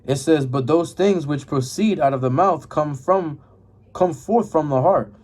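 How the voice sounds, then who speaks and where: With a fairly high, slightly mellow voice and a somewhat slow pace, a religious teacher gives a casual scripture lesson. He reads and repetitively explains verses, often asks "right?" or says "man," and stumbles while finding verses.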